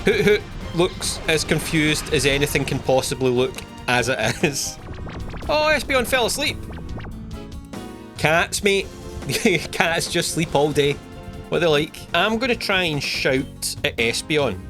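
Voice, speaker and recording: A gaming video host with a Scottish accent offers wry, joking let's play commentary as he plays a video game, with music underneath. His voice is fairly high and sing-song, at a normal speed.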